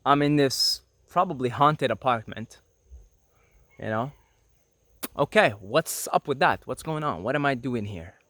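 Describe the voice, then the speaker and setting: A man's voice: medium pitch, animated, measured pace, long pauses, sharp tone, dry recording. A man hosting a spiritual teaching video, talking earnestly to camera and repeating points for emphasis. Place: apartment at night.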